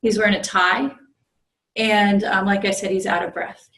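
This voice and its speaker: A woman's voice: medium pitch, level tone, normal speed, fairly bright tone, poor audio. A woman who is a Zen priest, giving a conversational dharma talk as she tells a personal story, with many ums and restarts. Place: meditation group room.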